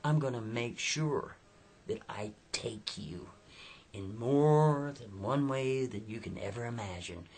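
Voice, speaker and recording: A man voicing a creepy, menacing male stranger who drives a car, calm and threatening. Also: mid-range voice, takes it slowly, husky.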